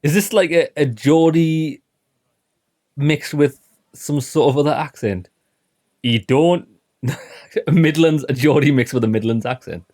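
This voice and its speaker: A man with a Sunderland accent giving casual commentary while playing a game, chatty and quick to laugh. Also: a little high, darkish tone. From north-east England. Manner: chatty, laughing, mimics dialect. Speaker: gaming let's-player.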